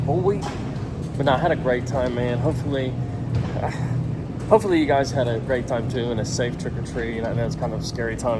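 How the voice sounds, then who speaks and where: A man in a casual family vlog, joking and coaxing his kids, recorded on a handheld camera outdoors and in a store. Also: mid-range voice. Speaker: vlogger and father. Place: outdoors trick-or-treating, then a store. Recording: noisy handheld camera audio.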